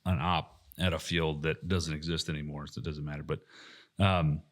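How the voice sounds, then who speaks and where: A man chatting casually on a podcast, relaxed, laughing often and swearing freely. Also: extremely low pitch, moderate pace. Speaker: airsoft park staff, podcast regular.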